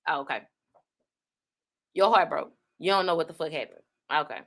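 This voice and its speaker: A woman hosting an online talk show, giving blunt, profane commentary on online drama in a casual, fast-talking way. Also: deep voice, creaky, fairly bright tone. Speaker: online radio host.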